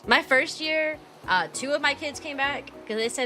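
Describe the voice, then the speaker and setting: A young woman chatting on a casual stream, telling rambling stories full of fillers and sudden high-pitched jumps. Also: very animated, moderate pace, bright, forceful tone, faint music behind. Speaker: VTuber streamer and kindergarten teacher.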